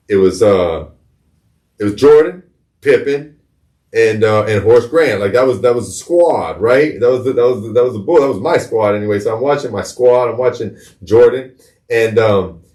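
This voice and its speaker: A middle-aged man hosting a podcast, telling a personal story in a candid, profane way, often repeating words as he searches for them. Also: on the low side. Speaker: podcast host.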